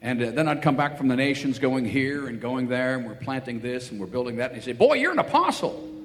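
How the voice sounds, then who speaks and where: A man with a mid-range voice speaks quickly and with fairly even intonation as he preaches a sermon. He tells Bible stories and acts out the voices of the people in them. The recording has a long hall reverb and faint ambient noise.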